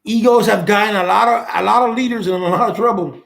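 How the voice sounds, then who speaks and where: A high, gravelly male voice that talks quickly and bluntly and swears without hesitating. He hosts a live call-in chat and often restarts and repeats himself as he thinks. The room gives the voice a noticeable echo. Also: fairly bright tone. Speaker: host.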